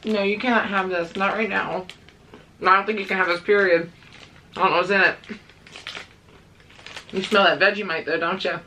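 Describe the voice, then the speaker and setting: A woman's voice: medium pitch, fairly even intonation, moderate pace, pauses often, sharp tone, slight background noise. A woman in her thirties talking casually to camera in a pet vlog, chatty and rambling, with fillers and small laughs. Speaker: pet vlogger.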